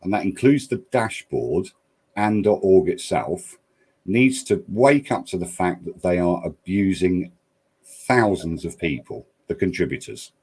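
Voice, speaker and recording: A man's voice: deep voice, darkish tone, breathy edge. An English-accented man, a panelist and plugin developer, talking bluntly and repeating his points for emphasis. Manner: blunt, restarts a lot, stresses points by repeating them. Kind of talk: heated round-table discussion.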